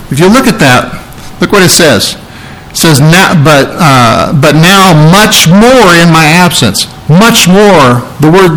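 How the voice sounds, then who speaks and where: A man delivers a sermon in an earnest teaching tone, working through a scripture passage line by line. His voice sits a little higher than most men's. He often circles back to repeat key phrases for emphasis. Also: fairly bright tone, rough recording. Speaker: preacher.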